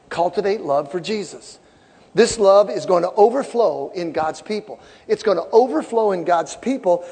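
A middle-aged male pastor preaching a sermon with fervent, shouted peaks and repeated phrases in a large church sanctuary. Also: high-pitched, breathy edge. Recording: long hall reverb.

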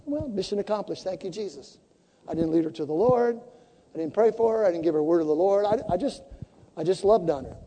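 A woman preaching a sermon as a story, animated and acting out the conversations she tells. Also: fairly low pitch, fast, husky, big-room sound.

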